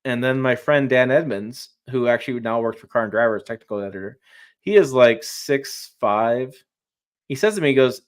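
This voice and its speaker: A man with an ordinary mid-pitched voice talks in a loose, rambling way, full of restarts and false starts. He sounds eager and chatty, like a guest on a casual livestream who could go on for hours. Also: animated, a little fast. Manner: rambling, restarts often, enthusiastic. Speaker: guest truck reviewer.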